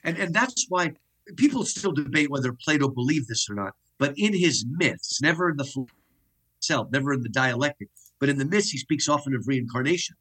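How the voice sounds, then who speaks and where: A middle-aged man, a guest professor, explaining ideas in an animated, lecturing way over a video call. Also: mid-range voice, a little fast, breathy edge.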